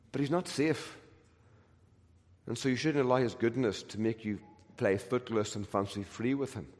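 A man preaching a sermon with emphatic, repeated phrases, swinging between loud declarations and hushed, gentle lines. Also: mid-range voice. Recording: long hall reverb.

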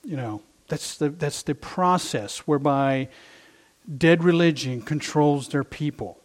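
A man's voice: fairly high pitch, a little slow. A middle-aged male pastor preaching a sermon, impassioned and emphatic, repeating his phrases for effect.

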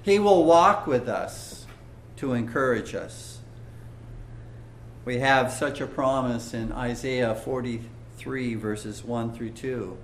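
Slow, earnest male preacher. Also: medium pitch, reverberant, a little hiss or hum. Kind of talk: sermon.

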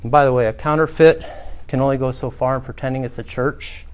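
A man's voice: mid-range voice, fairly even intonation, a little fast, darkish tone, smooth. A middle-aged man preaching a sermon, telling a personal story earnestly and rising to emphatic swells. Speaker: pastor.

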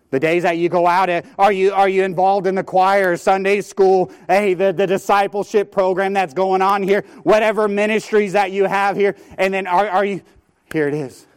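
Animated man preaching a storytelling sermon. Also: high voice, smooth. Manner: animated storyteller who often repeats words when starting a phrase. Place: church sanctuary.

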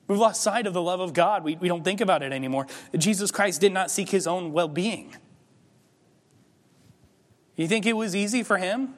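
A man's voice: sits high, big-room sound. A man preaching a sermon as pastor, talking conversationally and building to emphatic peaks. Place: church sanctuary.

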